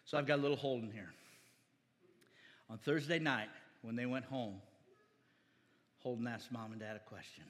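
A man's voice: mid-range voice, moderate pace, pauses often, fairly bright tone. A middle-aged man preaching a sermon as pastor, exhorting the congregation, calling for amens and quoting scripture. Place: church hall. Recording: reverberant church hall.

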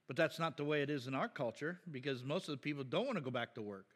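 Man, pastor, high voice, bright forceful tone, blunt, chatty sermon, church. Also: quick pace, husky, in a large hall. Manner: blunt, animated, talks back and forth with the congregation. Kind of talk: conversational sermon with congregation interaction.

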